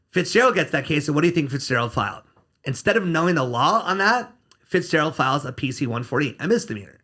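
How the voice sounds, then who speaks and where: Male guest lawyer, blunt and sarcastic, with a bright, cutting delivery. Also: mid-range voice. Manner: blunt, sarcastic, curses freely. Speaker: criminal defense attorney, podcast guest. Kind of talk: casual podcast interview.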